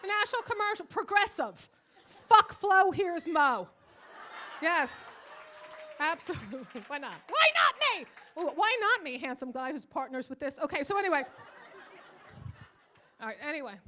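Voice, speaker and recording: A brash older woman doing stand-up on a club stage. Her voice sits high and bright, and she is bawdy and quick to tease. She swings between loud punchlines and low, quiet asides. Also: sing-song, slight background noise. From Irish. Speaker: stand-up comedian. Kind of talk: stand-up comedy set.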